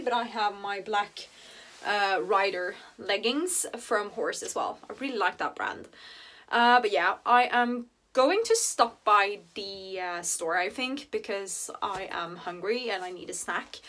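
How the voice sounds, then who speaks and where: A woman's voice: medium pitch, sharp tone. A woman vlogger chatting casually to a handheld camera, rambling with lots of fillers. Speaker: horse-riding vlogger. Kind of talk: casual vlog chat to camera.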